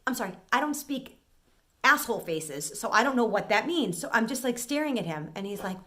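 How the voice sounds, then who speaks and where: A woman's voice: on the high side, fairly quick. A middle-aged woman from an Italian-American family, telling an exasperated story as a vlogger and acting out what people said. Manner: animated, exasperated, acts out quotes. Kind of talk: casual storytelling rant.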